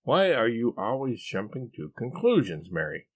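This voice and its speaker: A man voicing a pompous, eccentric husband who lectures in a drawn-out, know-it-all way in a storybook reading. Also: medium pitch, wildly swooping pitch, no room sound, voice pushed up. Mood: lecturing.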